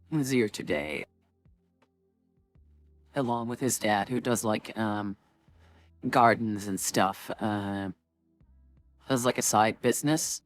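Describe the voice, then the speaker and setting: Slow, chatty woman streamer. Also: extremely low pitch, no echo, soft background music. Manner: rambling, chatty, full of "like" and "um". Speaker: streamer and game host. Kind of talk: casual chat before a tabletop game.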